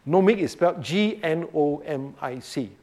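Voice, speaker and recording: Animated high-voiced male Bible teacher. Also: moderate pace. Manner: animated, often checks in with "Right?". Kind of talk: expository sermon.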